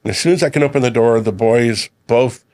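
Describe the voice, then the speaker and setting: Relaxed middle-aged male guest, dry sound. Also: mid-range voice, a little fast, dry recording. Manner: relaxed storyteller, quotes his sons and himself. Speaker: guest, chef and community leader. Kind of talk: casual chat.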